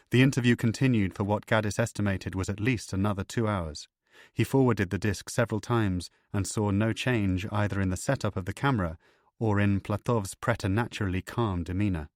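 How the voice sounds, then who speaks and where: A man narrating an audiobook in a measured, even storytelling manner, over loud background music. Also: fairly low pitch, dry recording, clean studio sound. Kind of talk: scripted narration. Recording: loud music bed under voice.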